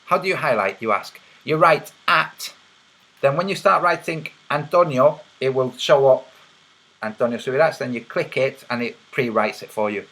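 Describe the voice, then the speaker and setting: A man's voice: mid-range voice, normal speed, sharp tone, low-quality recording. A man hosting a livestream, casually reading chat and teasing viewers with a mocking, laughing manner. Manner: teasing, mocking, laughs at his own jokes.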